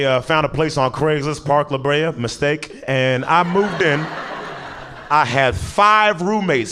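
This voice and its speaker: A young male stand-up comedian telling a story on a comedy stage, animated and high-energy, laughing at his own jokes.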